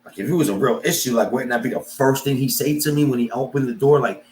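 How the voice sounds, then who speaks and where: A man's voice: mid-range voice, quick pace, a little mellow, a little hiss or hum. A man telling a story in casual talk, acting out both sides with quoted voices. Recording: echoey room.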